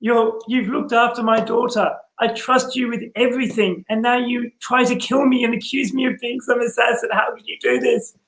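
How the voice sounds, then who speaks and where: A man's voice: extremely high pitch, fairly even intonation, moderate pace, hardly any pauses, fairly bright tone, echoey room, voice pushed up, rough recording. A man voicing a desperate, lovesick man who pleads melodramatically with his lover. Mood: pleading.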